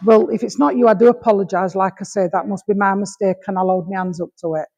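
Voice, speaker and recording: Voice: medium pitch, steady tone, fairly quick, a little mellow. A medium from Rotherham with a Yorkshire accent, giving messages to an audience, calling people darling and sweetheart and checking in with "all right?" after almost every thought. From Rotherham, England. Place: village hall. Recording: long reverb of a hall.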